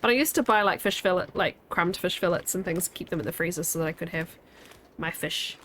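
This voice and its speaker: A woman's voice: on the low side, brisk, fairly bright tone, slight background noise. A woman, chatting casually while streaming a game and rambling as she answers her chat.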